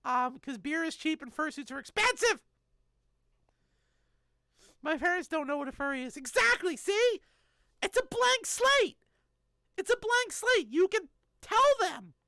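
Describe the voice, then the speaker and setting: Woman streamer, very high voice, animated and jokey, dry close mic. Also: no room sound. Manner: animated, jokey, answers chat messages. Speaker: streamer reading chat. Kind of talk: casual live-stream chat.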